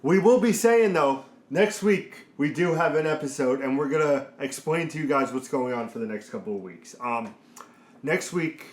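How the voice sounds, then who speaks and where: A man's voice: a little high, lively intonation, moderate pace. A man co-hosting a casual gaming talk show, rambling and laughing as he tells stories. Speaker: podcast co-host. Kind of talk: casual chat. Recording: echoey room.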